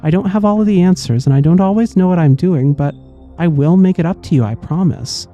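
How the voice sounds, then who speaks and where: Apologetic princess-politician, earnest and pleading , read by a man in a mellow, slightly high voice. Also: fairly quick, faint music behind, lightly acted. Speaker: let's play host voicing game characters. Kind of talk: reading game dialogue aloud.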